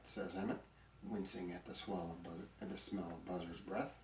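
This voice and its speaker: A man with a low voice reads a children's storybook aloud in an even, plain-spoken way. The recording is roomy and set back from the mic. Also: moderate pace, recorded from a distance, slight background noise. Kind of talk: scripted storybook narration.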